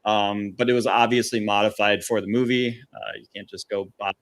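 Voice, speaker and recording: Man, low voice, casual podcast co-host talking through a movie loosely. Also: brisk. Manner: relaxed recapping with frequent fillers. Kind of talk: casual film discussion podcast.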